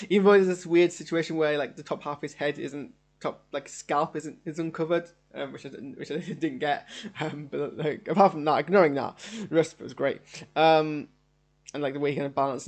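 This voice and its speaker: A man's voice: fairly high pitch, fast, darkish tone. Rambling, eager man in a home studio. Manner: rambling, enthusiastic. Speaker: reaction streamer. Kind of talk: live casual show reaction.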